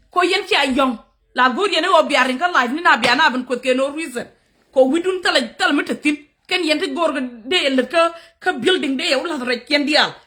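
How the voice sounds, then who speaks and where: A woman's voice: high-pitched, sharp tone. A woman streaming live as a content creator, scolding commenters in a heated rant and switching between English and another language. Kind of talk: angry livestream rant at commenters.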